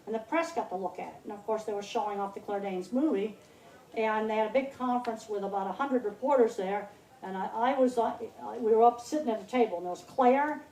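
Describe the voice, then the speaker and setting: At an outdoor country fair, a sixties-aged woman speaks bluntly and emphatically to the public, stressing points by repeating words. Her voice is a little high and mellow, picked up by a distant mic in a roomy recording with faint noise.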